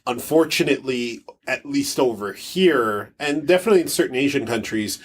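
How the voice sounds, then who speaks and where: A man's voice: mid-range voice, lively intonation, normal speed, slightly rough. A man co-hosting a casual gaming podcast, joking and mocking himself, often stumbling and restarting his words. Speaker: podcast co-host.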